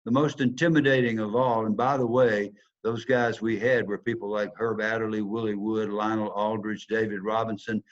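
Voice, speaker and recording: Older Southern man, low-voiced storyteller; big swings from loud to near-whisper, dull lo-fi sound. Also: flat delivery, normal speed, few pauses. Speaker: speaker telling a personal story. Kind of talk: storytelling talk.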